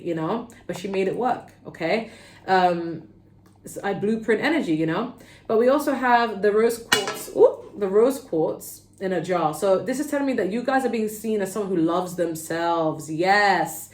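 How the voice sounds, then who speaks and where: A woman with a London accent giving a casual pick-a-card tarot reading, chatty and animated, often checking in with "okay?". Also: medium pitch, unhurried. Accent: London English. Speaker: tarot reader. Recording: roomy echo.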